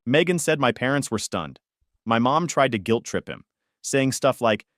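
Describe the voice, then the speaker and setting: A man's voice: medium pitch, expressive, moderate pace, a bit bright, no room sound, studio quality. A man narrating a first-person story in a conversational way, with wry, sarcastic asides.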